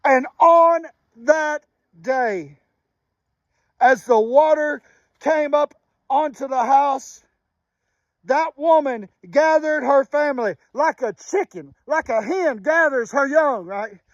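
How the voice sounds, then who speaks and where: A man giving an emotional spoken testimony and prayer as a motivational speaker, impassioned and preacherly, dropping to a hushed voice at times. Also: extremely high pitch, dry recording, lo-fi sound. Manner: impassioned, preacherly, with pauses and sudden drops to a hushed voice.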